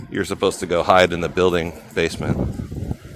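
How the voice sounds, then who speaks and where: A man's voice: low voice, fairly even intonation, moderate pace, background noise. An older man from California hosting a casual livestream while walking city streets, rambling and chatting with viewers. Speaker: livestream host.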